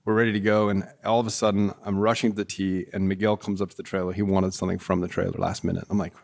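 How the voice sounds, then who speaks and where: A man with a low, gravelly voice chats as a guest on a casual podcast. He rambles through anecdotes, filling gaps with "uh" and breaking into laughter, in a relaxed conversational way. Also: fast. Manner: rambling anecdotes, frequent laughs, many fillers. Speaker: golf equipment tour rep, guest.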